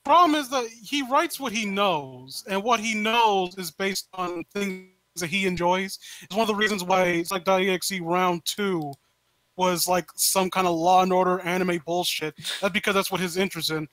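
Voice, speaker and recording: Analytical man in group chat, high bright voice, dry. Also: no echo, low-quality recording. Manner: measured, analytical. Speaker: participant in group discussion. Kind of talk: casual critique chat.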